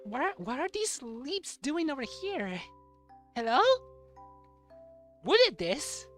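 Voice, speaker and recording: A young man streaming a game, chatting casually in a halting way and repeating words. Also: very high voice, very animated, faint music behind. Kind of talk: casual chat while playing a game.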